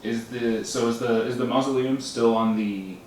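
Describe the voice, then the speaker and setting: A man's voice: mid-range voice, steady tone, moderate pace, darkish tone, heavy reverb, recorded from a distance, a little hiss or hum. A man playing a tabletop game, talking playfully and hesitantly in and out of character. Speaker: player.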